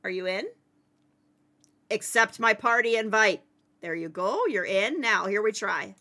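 A woman streaming a game live, chatting playfully with viewers and teammates, excitable and given to yelling. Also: mid-range voice, measured pace. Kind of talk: casual live-stream chat while playing.

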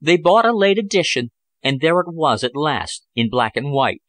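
A man narrating a novel chapter as an audiobook, in a measured, even storytelling manner. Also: on the high side, no room sound. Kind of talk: scripted narration.

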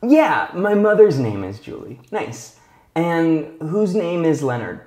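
A man teaching English possessives in a video lesson, speaking slowly and clearly and often checking in with the viewer. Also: fairly high pitch, very animated, darkish tone, reverberant. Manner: slow, clear teacher talk with frequent check-in questions.

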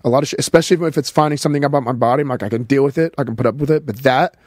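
Male podcast co-host, brisk animated storyteller, fairly high voice, dry sound. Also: no echo. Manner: animated storytelling, swearing, acts out quotes. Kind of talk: casual chat.

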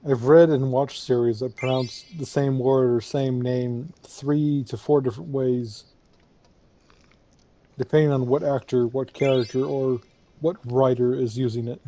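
A man's voice: medium pitch, fairly even intonation, unhurried, mellow, slight background noise. A man co-hosting a game let's play, rambling and joking in casual chat. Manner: rambling, joking, fillers and restarts.

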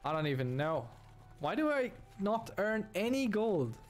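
A man's voice: high-pitched, very animated, a little slow, soft background music. A man commentating his own strategy game play, thinking aloud and groaning at bad turns. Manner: dismayed, groaning and sighing at setbacks; talks to himself while playing. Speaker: gaming channel host.

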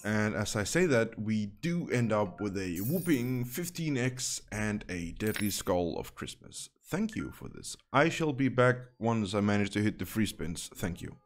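A man's voice: on the low side, very animated, unhurried, few pauses, soft background music. A man giving casual, chatty commentary while playing a slot game, thinking aloud and dropping wry asides.

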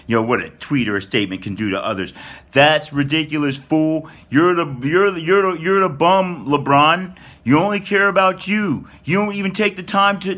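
High, bright-voiced man ranting angrily. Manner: heated, profane, repeats himself and stumbles. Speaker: political commentator. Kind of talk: angry rant to camera.

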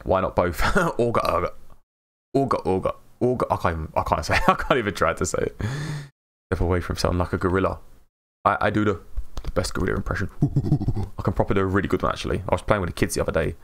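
Low gravelly British streamer. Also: male voice, fast, fairly bright tone. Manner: mumbles and slurs words, laughs often. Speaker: game live streamer. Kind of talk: casual live-stream chat while playing.

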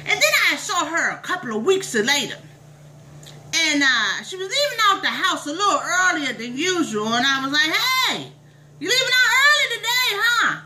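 Brief: woman as a preachy church lady, lively sing-song pitch, exclamatory and drawn out. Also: a little hiss or hum, exaggerated voice, rough recording. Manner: exclamatory, sermonizing, drawn-out drawl. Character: preachy, bossy middle-aged church lady. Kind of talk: comic monologue storytelling.

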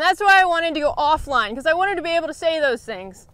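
A woman horse trainer explaining a training session in a calm, encouraging way, often praising her horse. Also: sits high, quick pace, few pauses, no echo.

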